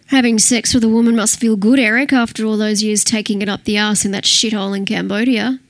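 A woman's voice: medium pitch, fairly even intonation, brisk, no echo, lightly acted. A woman voicing a menacing small-town male police officer who mocks and threatens in an audiobook. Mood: mocking. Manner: mocking, taunting.

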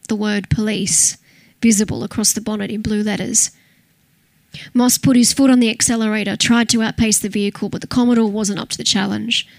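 A woman reading a crime novel aloud in steady, scripted narration. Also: mid-range voice, gravelly, no room sound. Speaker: audiobook narrator.

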